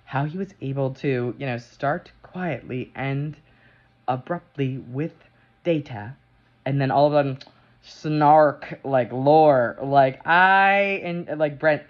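A woman talking through her review of a TV episode in a casual, animated way, swearing freely and full of fillers and restarts. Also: a bass voice, takes it slowly. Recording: dull lo-fi sound.

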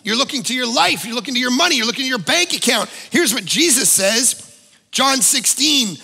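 A male pastor preaching a conversational sermon, emphatic, with sudden loud bursts and casual asides. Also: extremely high pitch, animated, brisk, gravelly, breathy edge, big-room sound. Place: church auditorium.

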